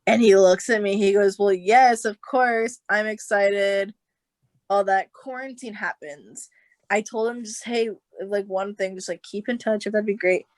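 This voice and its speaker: A young American woman, a podcast guest, tells a long personal story in a casual chat. She's an animated storyteller who acts out what others said and uses lots of fillers, saying "like" often. Her pitch is medium, with no echo.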